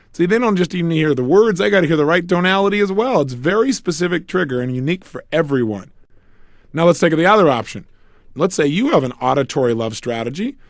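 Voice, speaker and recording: An animated man leads a self-help seminar, his slightly high voice swinging widely up and down as he acts out couples' quarrels. He drops in joking asides, and the sound is close and dry with no room echo. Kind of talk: motivational relationship seminar.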